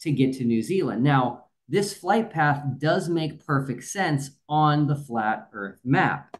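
A man's voice: fairly high pitch, animated, slow. A man reviewing a debate as a guest, explaining his point methodically in casual talk. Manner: methodical, walks through evidence step by step.

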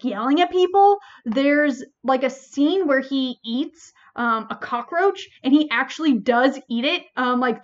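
High-voiced chatty woman librarian. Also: lo-fi sound. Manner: animated, many fillers like "like" and "um". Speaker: librarian podcast host. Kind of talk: casual review chat.

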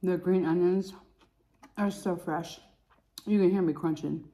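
A woman's voice: fairly low pitch, fairly even intonation, measured pace, mellow. A young woman eating on camera in a casual vlog, chatty and gushing, with slangy asides. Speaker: mukbang eating vlogger.

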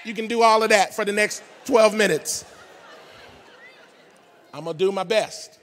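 A man's voice: high-pitched, normal speed, in a large hall. A man preaching at a conference with comedic energy, acting out the people in his stories in a street-slang voice. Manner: animated storytelling, acting out characters in a street-slang voice. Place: large conference hall.

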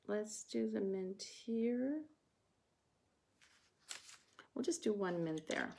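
A woman's voice: mid-range voice, slow, few pauses, mellow. A woman with a Wisconsin accent hosting a casual livestream, chatting with viewers while she paints. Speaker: craft livestream host. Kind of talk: casual livestream craft chat.

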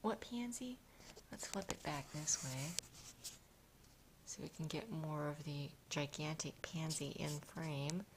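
A woman filming her cats on a smartphone at home, cooing to them in a soft, often whispered voice. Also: deep voice, steady tone, unhurried, noisy background. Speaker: cat owner filming her pets. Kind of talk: casual pet video narration. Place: home indoors. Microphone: smartphone camera.

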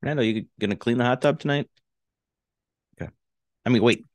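A man's voice: brisk, no echo. A man co-hosting a casual podcast, playful and teasing. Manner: playful, teasing, lively swings in pitch. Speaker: podcast co-host. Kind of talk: casual banter.

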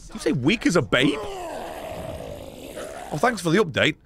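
A man doing gameplay commentary, loud and sarcastic, swearing and shouting at the game. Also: a little high, huge pitch swings, normal speed, long pauses. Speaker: gaming streamer.

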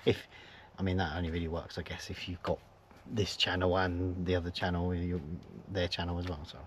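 A man casually vlogging from his van at a forest campsite, rambling and chuckling, sometimes dropping to a hush so he isn't overheard, with a handheld camera picking up his voice. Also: low-pitched, completely flat delivery, fairly quick. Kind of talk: casual camping vlog chat. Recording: noisy outdoor ambience.

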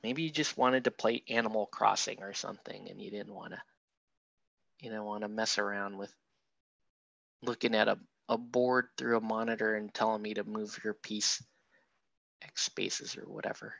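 Gravelly, chatty painting streamer. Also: male voice, on the low side, steady tone, moderate pace, a bit bright, no room sound, lo-fi sound. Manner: chatty, rambling, self-mocking, talks to chat as he paints. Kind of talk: casual livestream painting tutorial.

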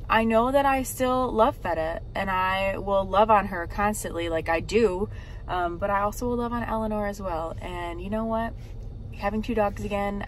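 A woman's voice: medium pitch, fairly bright tone, slight background noise. A woman vlogger chatting casually to camera from her parked car, rambling with lots of fillers. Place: parked car at a rest stop.

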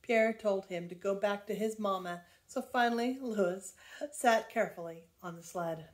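An older woman, a grandmother, reading a children's book aloud in a lively, expressive way. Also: medium pitch, normal speed.

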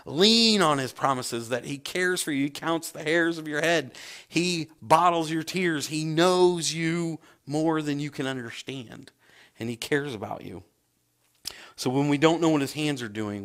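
A man's voice: mid-range voice, fairly bright tone. A man, a pastor preaching a sermon and acting out scripture scenes with big swings in his voice.

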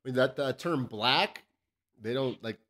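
A man from El Paso talks loosely and profanely in a casual podcast chat, his voice sitting at an ordinary middle pitch. He tells stories and laughs often. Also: unhurried, fairly bright tone. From South Side El Paso, Texas. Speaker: podcast host.

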